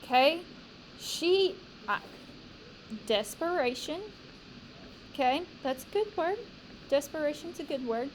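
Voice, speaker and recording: A woman teacher leading a poetry discussion with a class, talking slowly and emphatically and asking the students questions. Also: high-pitched, animated, a little hiss or hum, poor audio.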